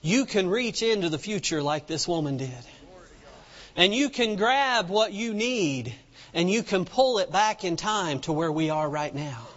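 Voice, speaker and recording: A man preaches a sermon in a noticeably high voice, retelling scripture in homespun words and building to fervent emphasis. His voice rings out with a long reverb, as in a large hall, and the recording sounds muffled and dull. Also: expressive, unhurried, fairly bright tone. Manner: retells scripture in plain folksy speech, rising to fervent emphasis.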